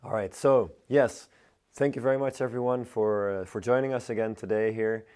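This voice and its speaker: A Dutch man, a hoarse and unwell floristry teacher, chatting casually while hosting a live arranging demonstration. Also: mid-range voice, normal speed. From Netherlands. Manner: relaxed, chatty, many fillers.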